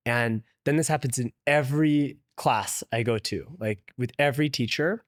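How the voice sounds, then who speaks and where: A man's voice: mid-range voice, normal speed, dry recording. Guy rambling through a story, keeps saying like, laughs a lot, dead dry room. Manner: loose and chatty, heavy use of "like", laughs often. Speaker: interview guest, venture investor. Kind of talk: casual storytelling in conversation.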